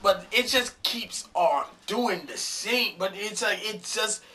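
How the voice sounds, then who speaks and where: A man's voice: high-pitched, expressive, slow pace, pushed and bright, slight background noise. A man ranting angrily about his football team, swearing often, repeating himself and tripping over his words. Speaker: sports fan vlogger. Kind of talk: angry football rant.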